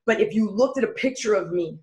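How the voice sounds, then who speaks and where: A woman's voice: mid-range voice, expressive, fast, a little mellow. Earnest woman telling her story, echoey room. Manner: earnest, builds repeated phrases. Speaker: interview guest. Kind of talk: candid personal storytelling.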